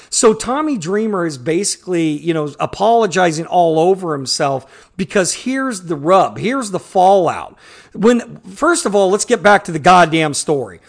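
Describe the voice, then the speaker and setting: A man's voice: sits high, animated, measured pace, gravelly. A man co-hosting a podcast in casual chat, heated and profane, acting out quotes as he talks. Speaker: podcast co-host.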